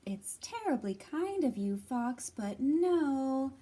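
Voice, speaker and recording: A woman voicing a small, clever brown mouse in a picture-book reading, bright and confident. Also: high voice, very animated, slow pace, pitched above the performer's own voice, exaggerated voice. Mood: boastful.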